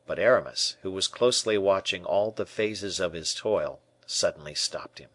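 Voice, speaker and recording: A man narrating a classic novel as an audiobook, in expressive, even-paced storytelling. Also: deep voice, moderate pace, no room sound. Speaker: audiobook reader. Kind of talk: scripted narration.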